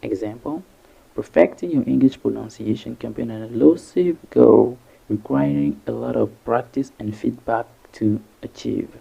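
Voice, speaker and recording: A male English teacher narrates a vocabulary lesson, spelling each word out slowly by syllable. His voice is heavily gravelly and deep-toned, with a husky edge. The recording sounds dull and lo-fi. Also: mellow. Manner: breaks words into syllables slowly and carefully.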